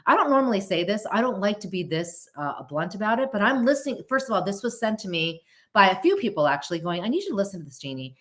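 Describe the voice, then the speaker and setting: A woman's voice: medium pitch, animated, fast talker. Earnest emotional woman host. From United States. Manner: earnest, openly emotional, rambling with restarts. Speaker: podcast host. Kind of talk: casual chat.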